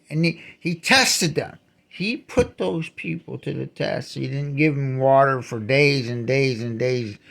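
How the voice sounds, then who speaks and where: Male host, angry solo rant, higher register, gravelly; restarts words, bursts into shouts. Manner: indignant, repeats and restarts words, shouts accusations. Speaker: channel host. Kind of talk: ranting monologue.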